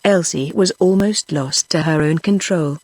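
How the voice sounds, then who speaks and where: A woman's voice: low voice, a little slow, a little mellow, dry recording. Synthetic British woman reading a story. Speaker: narrator. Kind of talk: text-to-speech audiobook reading.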